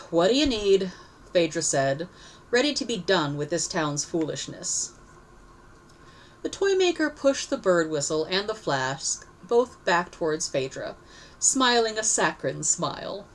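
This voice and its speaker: Expressive woman reading a story. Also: on the low side, unhurried, slight background noise, low-quality recording. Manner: expressive reading with self-corrections. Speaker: story reader. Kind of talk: storybook narration.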